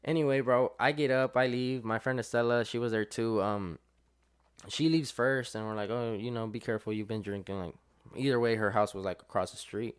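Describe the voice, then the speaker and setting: A young man appearing as a podcast guest spins a story in relaxed chat, packed with fillers and animated impressions when he quotes people. His medium-pitched voice is smooth and fairly quick.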